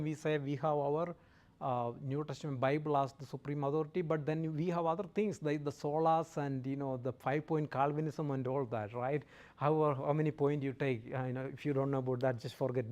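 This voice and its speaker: A man with a fairly high voice gives a relaxed classroom lecture. He keeps stopping to check in with his listeners, tossing out "okay?" and the odd light joke. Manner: jokes lightly with audience. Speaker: guest lecturer.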